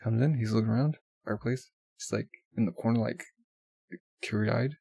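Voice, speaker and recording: A man's voice: lowish voice, a little fast, vocal fry, warm tone, husky, no room sound. A man casually commenting while reading a manga, rambling with many fillers. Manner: rambling, full of "like" and laughs. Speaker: manga reaction vlogger.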